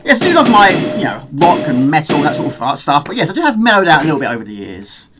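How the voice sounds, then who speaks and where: A chatty middle-aged man streaming a game and talking with his viewers as he plays. His voice sits high for a man and swings up and down a lot. Game music plays clearly behind him. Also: huge pitch swings, fast. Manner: chatty, reads out viewer chat while gaming. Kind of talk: casual live-stream chat.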